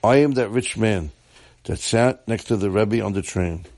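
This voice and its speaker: A man's voice: on the low side, moderate pace, a little mellow, dry recording, natural voice. A man voicing an old man with a long white beard, speaking earnestly.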